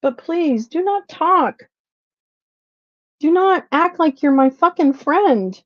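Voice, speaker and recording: A middle-aged woman hosting a livestream, venting with a lot of swearing, then apologizing and dropping to quiet mutters. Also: sits high, animated, takes it slowly, dry recording. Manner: frustrated, profane, apologetic, swings between loud venting and quiet muttering. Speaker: livestream host. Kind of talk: unscripted livestream rant. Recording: dull, lo-fi, dry livestream audio.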